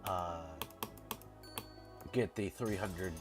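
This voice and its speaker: A man's voice: sits low, extremely slow, music in the background. A man with a head cold chatting casually on a game stream, rambling and repeating words as he restarts sentences. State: congested from a cold. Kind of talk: casual live-stream chat.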